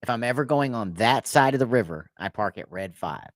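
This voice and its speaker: A man's voice: mid-range voice, lively intonation, fairly quick, dry recording, studio quality. A man hosting a podcast, telling a long rambling story in casual chat and laughing at his own jokes. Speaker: podcast host.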